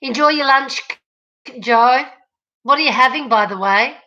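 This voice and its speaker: Her high-pitched voice is bright and forceful, and she never hurries as she chats with her livestream audience. She's at home, going from room to room and talking directly into a laptop microphone, and the sound is lo-fi.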